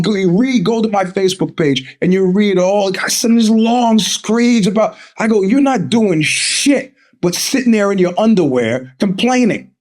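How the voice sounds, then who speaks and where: A man's voice: sits high, a little mellow. A man hosting a live podcast, delivering a profane, combative rant with frequent laughs and stammered restarts. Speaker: podcast host. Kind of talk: live-streamed casual monologue.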